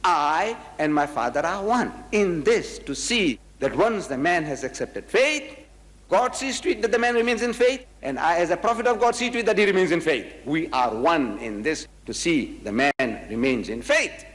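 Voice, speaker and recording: A South African man lectures on religion in a hall, his voice sitting a little high and swinging widely in pitch. He is emphatic and mocking, and slows to a solemn pace for scripture. The sound carries a long reverb. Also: lively intonation, a bit bright. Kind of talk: animated public lecture.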